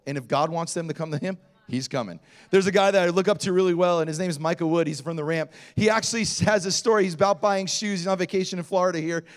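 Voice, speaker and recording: A man preaching a sermon as pastor, telling personal stories in an animated way with self-deprecating humor. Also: sits high.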